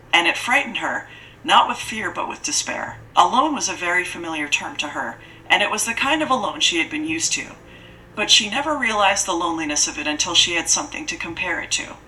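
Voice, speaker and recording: A woman reads a horror audiobook aloud in a steady storytelling delivery. Her voice sits slightly low but sounds bright and forceful, with a faint hiss behind it. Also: low-quality recording. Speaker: audiobook narrator. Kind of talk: scripted horror story narration.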